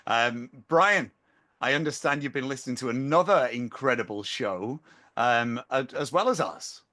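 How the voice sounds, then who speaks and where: A man's voice: mid-range voice, animated, moderate pace, bright, forceful tone. A man hosting a podcast, leading the talk in an upbeat, playful way. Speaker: podcast host. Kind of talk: casual chat.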